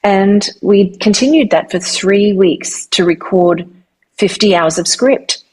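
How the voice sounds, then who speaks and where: A middle-aged woman with an Australian accent, a voiceover artist and singer-songwriter, telling her story in a lively, animated interview. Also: mid-range voice, takes it slowly, husky. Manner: animated, lively retelling of anecdotes.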